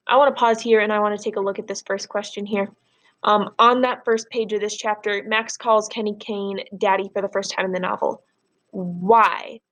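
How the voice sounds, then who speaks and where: A woman's voice: mid-range voice, fairly even intonation, normal speed, a bit bright. A woman teacher giving a recorded lesson, explaining and reading a novel aloud patiently. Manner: clear, patient, explaining step by step.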